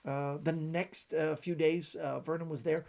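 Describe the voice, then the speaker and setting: A middle-aged man from Canada, telling stories in a halting way with many fillers. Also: on the high side, flat delivery, creaky, darkish tone. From British Columbia, Canada. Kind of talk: casual storytelling.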